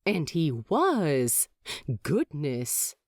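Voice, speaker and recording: A woman narrating a fan fiction audiobook with expressive storytelling. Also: sits low, very slow, no room sound, clean studio sound. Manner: expressive storytelling, lively inflection.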